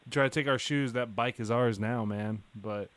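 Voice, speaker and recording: A man hosts a podcast in loose, easygoing chat, dotting his talk with fillers. His voice sits at a middling pitch. The recording is dry and close. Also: normal speed, fairly bright tone, no echo. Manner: laid-back, loose, lots of fillers. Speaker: podcast host.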